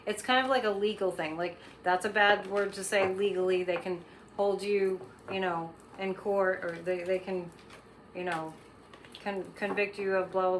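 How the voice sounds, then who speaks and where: A woman's voice: medium pitch, fairly bright tone, slight background noise. A woman hosting her own show, giving psychic readings in a rambling, casual monologue full of fillers and restarts. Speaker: psychic host.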